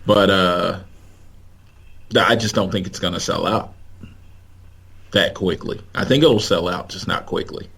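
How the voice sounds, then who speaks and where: Gravelly laid-back podcast co-host. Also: male voice, low-pitched, steady tone, unhurried, pauses often, a bit bright. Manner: laid-back, blunt opinions. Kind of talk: casual chat.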